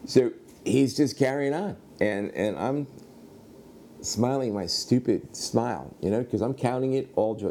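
A middle-aged man from the United States telling a personal story in a sermon, animated, acting out the other people in it. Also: mid-range voice, moderate pace, slight background noise. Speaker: preacher.

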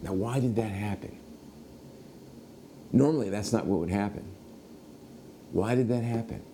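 A middle-aged American man preaches through a personal anecdote. His voice sits low and mellow, and his delivery stays animated as he acts out the other people in the story. A faint hiss of background noise runs underneath. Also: measured pace. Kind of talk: sermon storytelling.

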